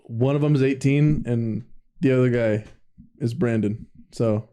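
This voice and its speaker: A man's voice: medium pitch, unhurried, dark tone, smooth. A young man co-hosting a casual podcast, bantering, swearing and repeating catchphrases. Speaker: podcast co-host. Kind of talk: casual chat.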